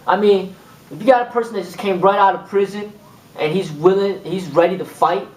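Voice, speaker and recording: High-voiced man teaching in an echoey room. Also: brisk. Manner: rambling, repeats "boom" and acts out exchanges. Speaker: kung fu instructor. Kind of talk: informal spoken lesson. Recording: echoey room, mic far off.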